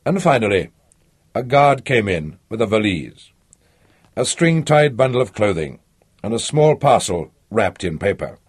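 A man narrating a literary audiobook in a measured, expressive way. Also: fairly low pitch, breathy edge, no echo, studio quality.

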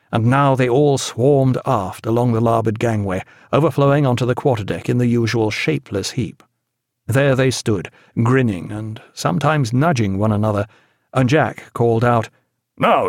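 A man narrating an audiobook in a measured, even storytelling manner, recorded on a close studio mic. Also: medium pitch, vocal fry, dry recording. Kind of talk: scripted narration.

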